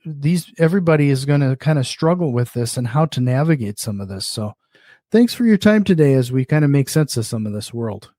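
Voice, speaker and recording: A man's voice: medium pitch, lively intonation, a little fast, mellow, dry recording, studio quality. A man with a Minnesotan accent hosting a casual interview, rambling a little as he lines up his questions. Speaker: podcast host.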